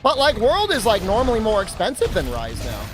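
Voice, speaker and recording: A man's voice: sits high, wildly swooping pitch, a little fast, music in the background. A man livestreaming, telling a rambling, self-deprecating story in casual chatter.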